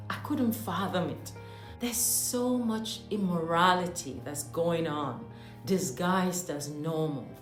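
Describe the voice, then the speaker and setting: A woman from Nigeria telling a personal story in a monologue. She talks animatedly, with mock-outraged asides, and laughs often. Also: medium pitch. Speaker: host. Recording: echoey room with faint music.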